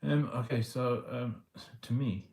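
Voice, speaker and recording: A man livestreaming from his phone on a tripod at home, talking in a halting, rambling way with many restarts. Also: mid-range voice, steady tone, vocal fry, darkish tone. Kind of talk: rambling casual monologue. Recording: echoey room.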